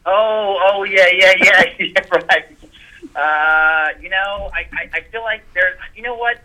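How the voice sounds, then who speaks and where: Animated, forceful man talking fast. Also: sits high, poor audio. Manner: animated, emphatic, swears freely, many restarts. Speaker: guest comedian and podcaster. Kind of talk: casual podcast conversation.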